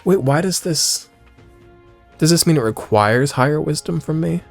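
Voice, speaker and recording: A man giving excitable, jokey let's play commentary, thinking out loud as he plays. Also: a little high, normal speed, creaky, soft background music. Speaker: gaming streamer.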